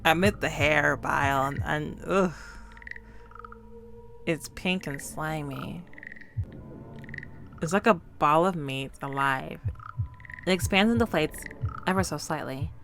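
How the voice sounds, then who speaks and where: A woman's voice: low-pitched, takes it slowly, creaky, pauses often, a bit bright, a little hiss or hum. A woman streaming a horror game, reading its narration and dialogue aloud and breaking off to react.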